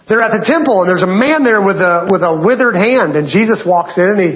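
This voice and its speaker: A man's voice: high voice, expressive, fairly quick, roomy sound. A man preaching a casual sermon, conversational and joking, often breaking off with fillers. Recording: dull lo-fi sound.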